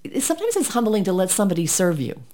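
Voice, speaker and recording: Woman co-host, animated pitch, reads scripture in a chatty way, quick laughs. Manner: animated, reads verses aloud, laughs often. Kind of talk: casual Bible study chat.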